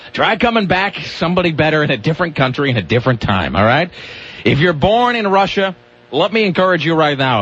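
A man hosts a radio talk show, rambling through sardonic comic riffs full of restarts in casual banter. His voice is fairly high and fairly bright. The broadcast sounds dull and lo-fi, with a little hiss or hum.

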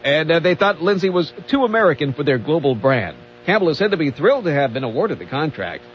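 A man with a high voice reads celebrity news on a radio show, dry and measured. The recording is dull, with a faint hum behind it. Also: very animated. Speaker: radio co-host reading entertainment news. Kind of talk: read news segment with banter.

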